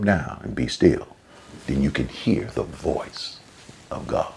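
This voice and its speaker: A man preaching a sermon in a conversational way. He repeats and restarts phrases, and his pitch and volume jump up suddenly for emphasis. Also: measured pace, gravelly, mellow, slightly rough. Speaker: pastor.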